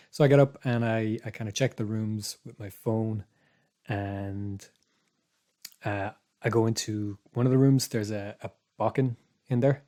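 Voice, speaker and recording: A man casually telling a spooky story on a podcast, rambling with restarts and dropping to a hush for his own thoughts. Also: lowish voice. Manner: rambling, restarts, quiet asides when recalling his thoughts. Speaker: podcast co-host.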